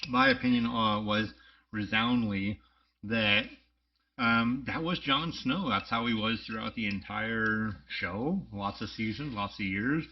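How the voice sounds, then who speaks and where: A man with a fairly low voice chats in an easygoing, relaxed way as a podcast co-host. The recording sounds a little dull and lo-fi. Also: a little slow. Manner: easygoing, laughs often, relaxed. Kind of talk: casual chat.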